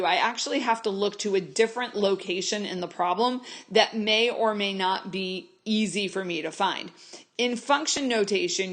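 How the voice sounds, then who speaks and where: A woman teacher walks her students through a math problem one step at a time. Her voice sits at an ordinary middle pitch. She stresses the main points and says them again firmly so no one misses them. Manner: emphatic, repeats points firmly. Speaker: high school math teacher. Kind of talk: recorded remote lesson.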